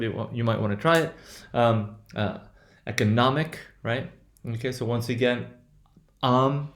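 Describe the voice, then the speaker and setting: A man's voice: medium pitch, reverberant. A man teaching English word stress in a recorded lecture, checking in with "right?" after nearly every point, with lots of fillers and restarts. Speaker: pronunciation teacher.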